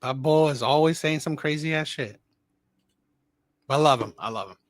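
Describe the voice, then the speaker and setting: A man's voice: fairly high pitch, normal speed, dry recording. Male call-in host, emphatic and repetitive, dry close sound. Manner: emphatic, repeats phrases. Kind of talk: call-in show commentary.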